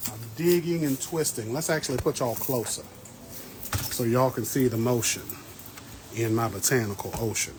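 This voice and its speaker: A man's voice: medium pitch, normal speed. Man in his thirties, casual garden livestream, playful banter, mid-range voice, faint outdoor hum. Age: 30s. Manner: chatty and playful, greets viewers by name. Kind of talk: casual live-stream chat. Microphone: phone livestream.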